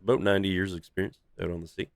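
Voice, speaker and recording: A humble, polite old half-elven sea captain who hems and apologizes as he speaks, played by a game master. The voice is very low and recorded dry and close. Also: flat delivery, very fast, vocal fry, no echo. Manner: hesitant, apologetic, full of uhs.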